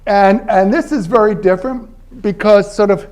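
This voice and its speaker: A man's voice: sits high, normal speed, a little mellow. An older man from Philadelphia giving a university lecture in a conversational, anecdotal way, laughing between points. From Philadelphia, United States. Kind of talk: academic lecture. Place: university library event space.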